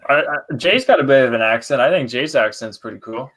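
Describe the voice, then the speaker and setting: Laid-back Canadian podcast co-host. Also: male voice, mid-range voice, animated, a little fast, a bit bright. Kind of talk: casual live betting podcast chat.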